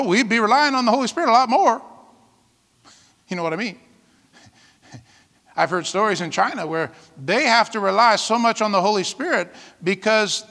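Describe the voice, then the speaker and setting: A man preaches a sermon with a high, bright voice that carries a long reverb from the hall around him. His delivery is lively and conversational, and he keeps checking in with the congregation. He breaks into light laughter between his points. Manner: lively preaching, frequent "amen?" calls, laughs often. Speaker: pastor.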